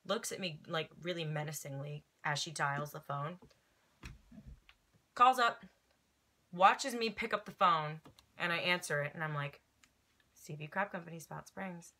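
A woman's voice: sits low, moderate pace, sharp tone. A young woman from Louisiana, a friend of the host, telling a story in a blunt, sassy way. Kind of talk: casual chat, storytelling.

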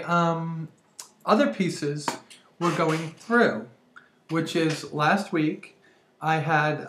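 Energetic chatty woman in her forties. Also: low voice, slight background noise. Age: 40s. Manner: energetic, chatty, laughs often. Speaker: vlogger. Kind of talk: casual vlog monologue. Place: room at home. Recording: roomy echo.

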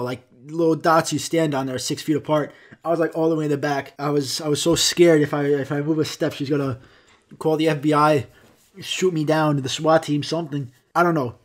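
A man hosting a podcast, telling a comic story in a rambling, profane way and acting out the quotes. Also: on the high side. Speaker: podcast host.

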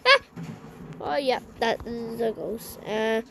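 A woman streams a game and chats with her viewers, excitable and talking to herself, often slipping into a whisper. Her voice is a little high and gravelly, and her speech is slow and drawn out. The recording has noticeable noise and clicking behind it. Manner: chatty, excitable, talks to herself while playing, often drops to a hushed whisper. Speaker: gaming vlogger. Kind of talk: playing a game while narrating to viewers.

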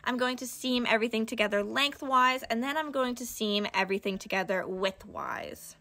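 A woman's voice: on the high side, moderate pace, sharp tone, faint music behind. A young woman chatting casually through a crochet tutorial, upbeat and full of slang. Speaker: crochet video host.

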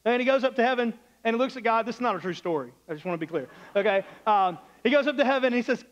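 Male pastor, high voice, chatty sermon, does little voices in his stories, kinda muffled church recording. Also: fast, few pauses. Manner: conversational preaching, acts out story voices.

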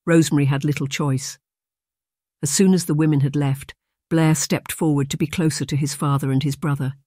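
An audiobook narrator reading a historical romance in a measured, even way. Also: medium pitch, no room sound, clean studio sound.

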